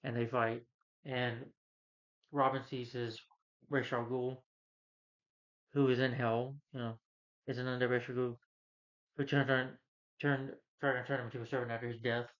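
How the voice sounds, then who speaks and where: A man's voice: medium pitch, little pitch movement, normal speed, pauses often, fairly bright tone. Rambling man recapping a movie, lo-fi. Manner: rambling, frequent "you know" fillers. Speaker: movie reviewer. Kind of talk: casual plot recap. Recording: dull lo-fi recording.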